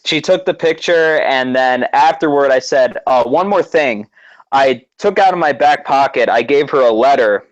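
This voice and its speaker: Dude gushing through a story, lots of ums and restarts, casual chat. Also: male voice, mid-range voice, normal speed, highs cut off. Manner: excited storytelling, many fillers and restarts. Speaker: guest co-host.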